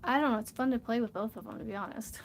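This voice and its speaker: A woman talks casually and rambles on a crafting vlog, laughing often as she goes. Her voice sits a little high. A faint hiss runs under the recording. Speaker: crochet vlogger. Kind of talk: casual livestream chat while crafting.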